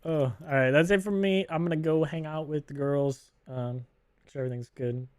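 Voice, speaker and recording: A man's voice: a little high, fairly quick, a little mellow, clear, resonant tone, no echo. A man streaming a video game, chatting casually with a teammate, joking and swearing offhandedly. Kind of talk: casual gaming chat.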